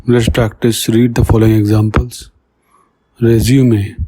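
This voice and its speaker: Male tutor, monotone lesson narration, mellow husky voice. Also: mid-range voice, takes it slowly, no echo. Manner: monotone, reads example words then their meanings. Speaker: French teacher. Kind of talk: slow scripted lesson narration.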